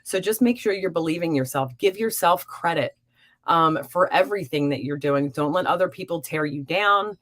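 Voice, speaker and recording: Young woman, low voice, live-stream host, warm, encouraging, chatty. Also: moderate pace. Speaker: psychic reader hosting a live stream. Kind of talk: live-stream chat reading viewer comments.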